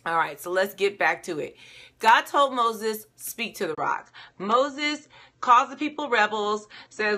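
A woman giving a casual Bible devotional, talking conversationally with many fillers and acting out the story's speakers in lively voices. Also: mid-range voice, unhurried. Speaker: devotional teacher.

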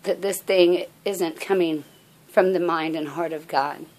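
A woman giving an earnest, halting personal faith message as a vlogger. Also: lowish voice, fairly even intonation. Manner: soft-spoken, halting, earnest. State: out of breath. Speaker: religious vlogger.

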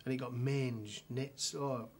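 A middle-aged man with a northern English accent recounts an old case in a documentary interview. His voice sits at an ordinary middle pitch and his delivery is dry and wry, full of small restarts and fillers. A faint hiss of background noise runs under the recording. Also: fairly even intonation, slow pace. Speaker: solicitor telling an anecdote.

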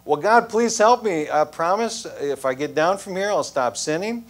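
A panicked man clings to a branch over a drop, as a pastor voices him, pleading in a high, strained shout. His voice jumps well above the speaker's own and pushes hard with desperation. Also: animated, normal speed, natural voice. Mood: desperate. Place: church sanctuary.

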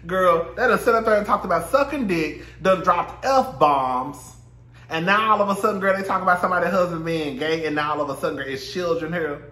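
A man's voice: high voice, fairly quick, sharp tone. Sassy profane man recapping, echoey room. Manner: sassy, profane, laughs often, mimics people. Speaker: reality TV recap host. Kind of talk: casual chat.

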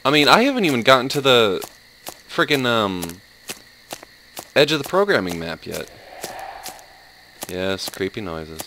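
A man's voice: mid-range voice, very animated, a little slow, pauses often, bright, forceful tone, slight background noise, rough recording. A man giving sarcastic, jumpy commentary on a horror game, yelping and laughing at the scares. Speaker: let's play host.

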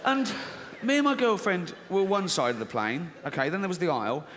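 On a large theatre stage, an English-accented stand-up comedian tells a story in a crude, sardonic style, swearing often. His high voice swings hugely in pitch and moves a little fast. The live show is captured in a big reverberant hall with heavy background noise.

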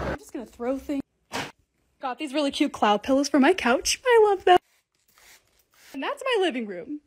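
A young adult woman with a high-sitting voice narrates the casual voice-over for her cleaning and organizing vlog. The lifestyle vlogger is gushing and bubbly, with self-mocking asides.

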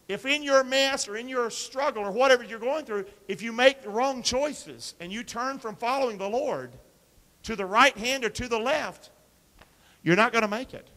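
Male pastor, sermon, high voice, call-and-response, long church reverb. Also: normal speed. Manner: call-and-response preaching, quoting scripture; swings from soft asides to loud emphatic lines. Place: church sanctuary.

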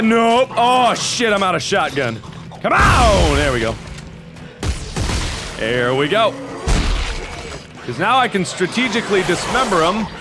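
A young man in his twenties doing loud, excitable gaming commentary, swearing and yelling at enemies. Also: high-pitched. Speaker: let's play host.

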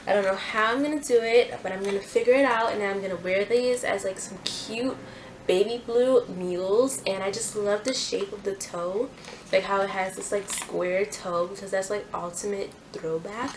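A woman's voice: mid-range voice, moderate pace, noisy background. A young woman hosting a casual clothing haul vlog, chatty and gushing, with lots of fillers. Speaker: fashion YouTuber.

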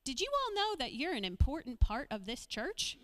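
Woman doing the kids' story bit at church, high voice, slow and playful, big echoey hall. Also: very animated, faint music behind. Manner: gentle, playful, talking to small children. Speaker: children's message leader. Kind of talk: children's sermon storytelling. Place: church sanctuary.

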